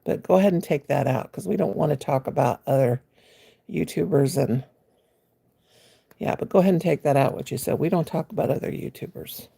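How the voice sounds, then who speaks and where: A woman's voice: sits low, fairly quick, creaky, warm tone, breathy edge. A woman, chatting casually with viewers on a crochet livestream, greeting them by name in a homey, folksy way. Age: 60s. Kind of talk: casual live-stream chat. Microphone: phone.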